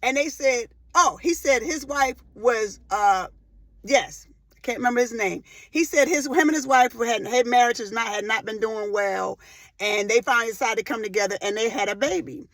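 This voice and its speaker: A woman in her forties giving a faith-based motivational talk, emphatic and impassioned, repeating phrases for weight and breaking into loud emotional bursts. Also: a little high, normal speed, no room sound. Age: 40s. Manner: rises to loud emotional outbursts. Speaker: motivational speaker.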